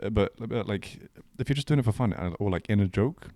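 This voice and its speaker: A young man co-hosting a podcast, joking around in a relaxed, rambling way with lots of fillers. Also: lowish voice, brisk, no room sound. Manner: laid-back, joking, trails off with fillers. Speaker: podcast co-host. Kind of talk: casual chat.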